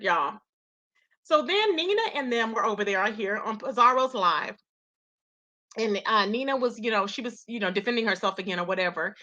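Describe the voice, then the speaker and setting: Animated, bright-voiced woman gossip streamer. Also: on the high side, muffled recording. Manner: animated, chatty, slangy, reading chat names aloud. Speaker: YouTube commentary host. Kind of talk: live-stream gossip commentary.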